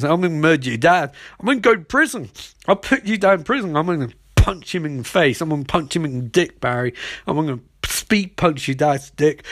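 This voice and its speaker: A petty, foul-mouthed super-villain, put on by a man, screams abuse in a shrill, strained voice far above his usual pitch. The rant runs loud and breathless, sharp with swearing. The sound is dry and close. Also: dry recording, lightly acted. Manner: shouting high-pitched tirade, swearing.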